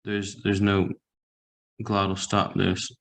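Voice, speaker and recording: A man's voice: sits low, monotone, slow pace, creaky, a bit bright, poor audio. A man teaching a language class over a video call, patiently explaining and repeating example phrases. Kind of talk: online language lesson. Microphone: computer mic on a video call.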